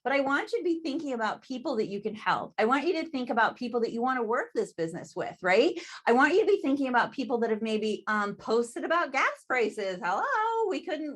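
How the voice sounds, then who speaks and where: A woman giving a chatty sales training talk over a video call, often laughing and asking "right?". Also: high voice.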